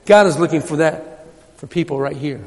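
A man's voice: on the high side, normal speed, darkish tone. A man preaching a sermon in a church, emphatic and repetitive, his voice rising when he quotes scripture. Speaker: pastor. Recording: hall reverb.

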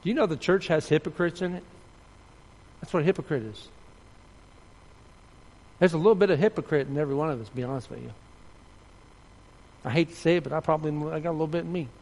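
A man preaching a sermon earnestly, rising and loud when telling a story, dropping soft and low for appeals. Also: quick pace, pauses often, big-room sound. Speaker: pastor.

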